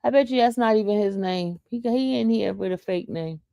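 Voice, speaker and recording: A woman's voice: mid-range voice, a little fast, creaky, mellow, dry recording, clean studio sound. A woman hosting a casual livestream, reading chat comments aloud and taunting a commenter. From New York. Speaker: livestream host.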